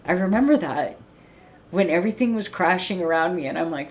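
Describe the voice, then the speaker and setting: Low-voiced middle-aged woman venting bluntly. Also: a little fast, a little mellow. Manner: blunt, profane, rambling rant. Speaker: livestreamer. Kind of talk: casual venting monologue.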